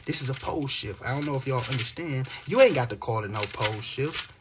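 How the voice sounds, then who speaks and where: A man's voice: medium pitch, fast talker, background noise. A man talking casually to his viewers, reading scripture aloud and preaching emphatically with lots of profane slang. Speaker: vlogger.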